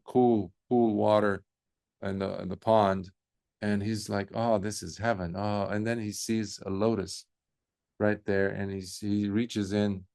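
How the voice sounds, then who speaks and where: Low gravelly-voiced man giving a dharma talk. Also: dry recording, clean studio sound. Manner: relaxed storytelling with fillers. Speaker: Buddhist monk teacher.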